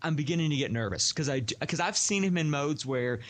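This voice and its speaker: A man with a slightly high voice tells a long work story on a podcast. He talks casually and animatedly, slipping into other people's voices as he goes. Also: fast talker. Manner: animated, acts out quoted voices.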